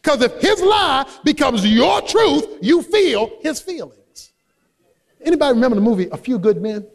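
A man preaching a sermon as a pastor, emphatic and rising to shouts on key points. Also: extremely high pitch, very animated, moderate pace, long reverb tail. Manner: acts out quoted voices in his own voice.

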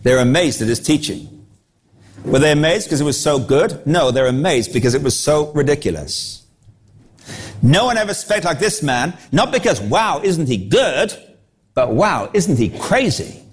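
A man preaching a sermon, acting out the crowd's reactions with animated delivery. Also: fairly high pitch, normal speed, husky.

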